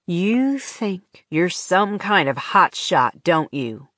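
Desperate corrupt sheriff read by a woman, strained pleading, slow, dry audiobook sound. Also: on the low side, big pitch swings, fairly bright tone, no echo, heavily acted. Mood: taunting. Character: desperate corrupt male small-town sheriff.

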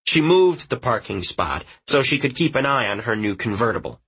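Male narrator for a first-person audiobook; mid-pitched, husky, measured and quiet. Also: big pitch swings, low-quality recording.

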